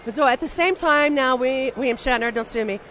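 A woman guest in an interview, telling blunt, animated stories in a casual way with frequent restarts and some swearing. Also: sits high, a little fast, a little hiss or hum. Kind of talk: casual anecdotal storytelling.

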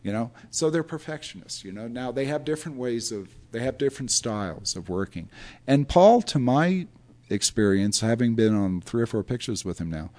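An older man, a film historian, telling long casual anecdotes in a rambling, animated way, acting out quotes and laughing often. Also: mid-range voice, normal speed.

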